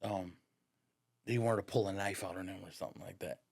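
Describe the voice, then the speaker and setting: A man's voice: sits low, brisk. A man as a podcast guest, telling a story in casual, profane, slangy talk and acting out the voices in it. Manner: lively, acts out the voices in his stories.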